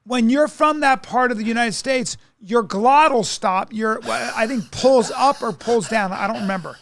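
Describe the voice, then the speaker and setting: A man's voice: extremely high pitch, a little slow, a bit bright. A man from New York co-hosting a podcast, telling a long story in a rambling way, full of restarts and acted-out quotes. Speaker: podcast co-host. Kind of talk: casual comedic chat.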